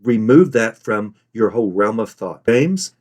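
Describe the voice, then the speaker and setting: A man's voice: on the low side, normal speed, a little mellow. A man teaching fellow online resellers in an earnest, emphatic way, stressing and repeating his main points. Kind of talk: instructional talk.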